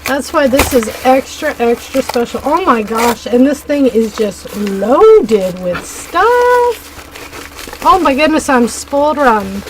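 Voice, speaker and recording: A woman talks casually to her viewers as she unboxes crafting supplies at home. She gushes readily, and her voice sits slightly high. A faint room ambience hangs behind her. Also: big pitch swings, background noise. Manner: chatty and effusive, quick to gush. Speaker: craft vlogger. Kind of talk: casual chat while unboxing mail.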